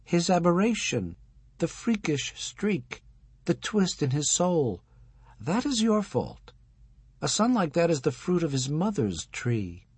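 A man's voice: on the high side, big pitch swings, a little mellow, breathy edge, no room sound, voice pushed up, heavily acted. A man voicing an older rabbi and husband, stern and commanding, speaking in a lofty, preaching manner. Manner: lofty, preaching, slow on emphasis.

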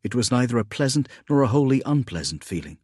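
A man reading a science-fiction audiobook in a measured, even storytelling manner, with a husky voice. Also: mid-range voice, no echo, studio quality. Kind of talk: scripted audiobook narration.

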